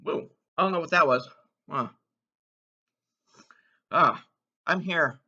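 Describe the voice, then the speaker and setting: A man with a very bright, forceful, somewhat high voice talks slowly through a candy taste test, savoring each comment and breaking into whoops. The sound is dull and lo-fi. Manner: exuberant, whoops between bites, slow savoring remarks.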